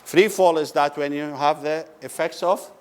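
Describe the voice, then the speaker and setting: Man lecturing, slow questioning delivery. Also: fairly high pitch, steady tone, slight background noise. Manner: asks the class questions and answers them, repeats key words slowly. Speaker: physics lecturer. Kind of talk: classroom lecture. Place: lecture room.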